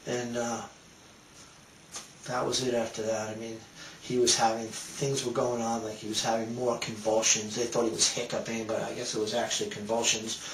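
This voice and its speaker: A man retelling a personal story in a halting, emotional way, with frequent restarts. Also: mid-range voice, flat delivery, a little hiss or hum. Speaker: speaker telling a personal story. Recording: roomy sound from a distant mic.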